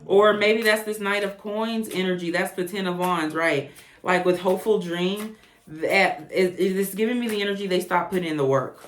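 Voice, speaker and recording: A woman giving a casual tarot reading to camera, chatty and animated, with blunt, profane asides. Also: mid-range voice, normal speed, echoey room. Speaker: tarot reader.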